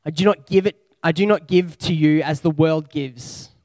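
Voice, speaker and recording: A man delivering a sermon in an easy, conversational tone, his voice pitched a little high. He talks through his points reflectively and strings out slow lists of words. The sound is close and dry. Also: darkish tone, no echo. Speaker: preacher.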